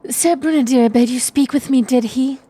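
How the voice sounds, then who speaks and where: A woman reading aloud as a formal, low-ranking knight who speaks in stiff, old-fashioned phrases. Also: normal speed, mellow, husky. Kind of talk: reading game dialogue aloud.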